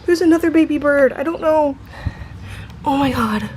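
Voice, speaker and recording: Flustered high-voiced woman, shaky and breathless. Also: normal speed, a little mellow, slight background noise. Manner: flustered, repeats herself, drops into whispers. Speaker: vlogger. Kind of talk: casual vlog filmed on the spot. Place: outdoors by a tree below an apartment. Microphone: handheld camera phone.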